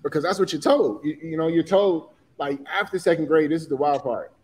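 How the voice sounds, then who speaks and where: A man's voice: on the high side, brisk, darkish tone, breathy edge. A man in his forties from Chicago, telling personal stories in an interview with earnest feeling and casual slang. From Chicago, USA. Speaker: guest, designer and entrepreneur. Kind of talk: candid interview talk.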